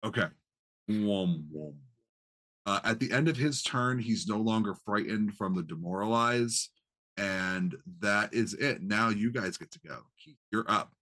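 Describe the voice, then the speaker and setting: A man's voice: fairly low pitch, moderate pace. A man running a tabletop game as game master, explaining rules and narrating the enemy's moves. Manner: animated, explains rules, voices reactions.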